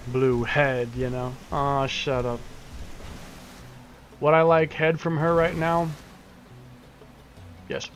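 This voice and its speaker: Brief: young male streamer, laid-back and crude, a bit higher-pitched, bantering over gameplay. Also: level tone, slow, pauses often, faint music behind. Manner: joking, swearing, teasing back at chat. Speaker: gaming streamer. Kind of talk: casual profane gameplay commentary.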